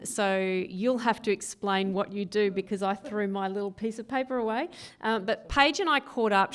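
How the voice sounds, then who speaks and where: A woman's voice: mid-range voice, smooth. A woman hosting a church community event, enthusiastic and effusive as she thanks speakers. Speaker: event host.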